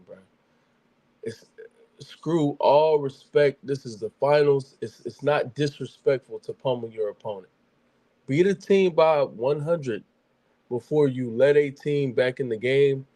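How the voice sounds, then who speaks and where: Chill guy on a sports stream, low-key and quiet, warm dark voice, dry close mic. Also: dry recording. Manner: keeps volume low, relaxed, rambling. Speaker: co-host. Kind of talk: casual sports talk.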